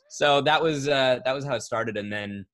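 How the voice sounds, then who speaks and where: A man in his thirties talking casually as an interview guest, rambling and correcting himself, getting animated when he tells a story. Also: mid-range voice. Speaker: voice actor guest. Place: home recording setup, remote interview.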